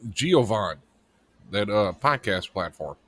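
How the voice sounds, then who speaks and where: Low-voiced rambling man co-hosting. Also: lively intonation, measured pace, a bit bright. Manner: rambling, joking, swears freely. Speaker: producer and co-host. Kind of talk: casual live-stream chat.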